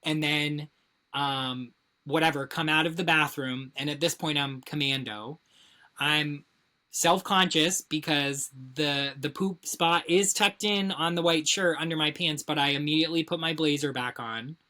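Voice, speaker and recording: Low-voiced woman telling a story. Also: a little slow. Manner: animated storyteller, frequent swearing and filler "like". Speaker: podcast co-host. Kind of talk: casual chat, storytelling.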